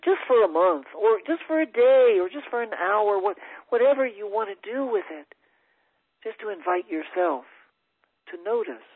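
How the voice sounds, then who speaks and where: High-pitched guy preaching gratitude, lots of restarts and repeats, tinny phone-line sound. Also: breathy edge, no room sound. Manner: warm, repetitive, halting with many restarts. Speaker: spiritual teacher. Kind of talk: inspirational talk to a congregation. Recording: tinny phone-like audio, dry.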